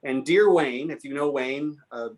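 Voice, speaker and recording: A man's voice: medium pitch, a little slow. A man telling anecdotes at a history talk, answering a question and acting out the people he quotes. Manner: animated, acts out quoted voices. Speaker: guest speaker on local history. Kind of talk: storytelling in a Q&A.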